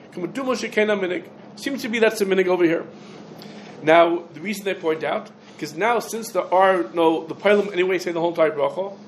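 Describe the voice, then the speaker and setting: High-voiced man giving a quick Talmud lesson. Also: slight background noise, low-quality recording. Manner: rapid, loose Hebrew-English lecture speech with restarts. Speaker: rabbi teaching a Talmud class. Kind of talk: halachic lecture to a class.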